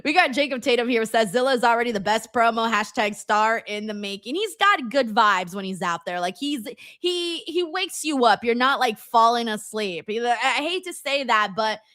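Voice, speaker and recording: Bright, animated young woman streamer. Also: fairly high pitch, normal speed, few pauses, no room sound, clean studio sound. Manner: animated, swings into loud exclamations. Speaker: wrestling stream host. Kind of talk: casual live-stream chat reading super chats.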